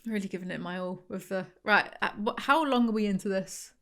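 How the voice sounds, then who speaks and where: A woman's voice: medium pitch, a little fast, a bit bright. A young woman with a London accent, reviewing a book with sarcastic, self-mocking, theatrical asides. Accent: London English.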